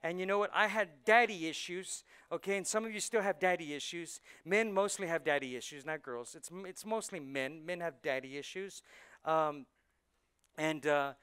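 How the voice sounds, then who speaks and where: Male pastor, high and bright voice, chatty preaching that jumps from quiet asides to loud punchlines. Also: normal speed, clear, resonant tone. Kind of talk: sermon. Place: church sanctuary.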